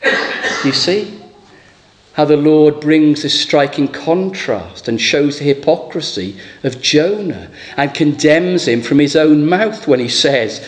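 A man's voice: fairly high pitch, animated, takes it slowly. A man preaching a sermon, asking rhetorical questions and voicing scripture dramatically.

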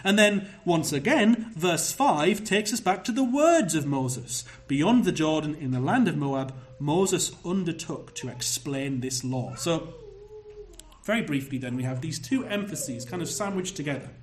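Man preaching with slow, stressed phrases. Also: on the high side, expressive, a little hiss or hum. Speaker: pastor. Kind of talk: sermon.

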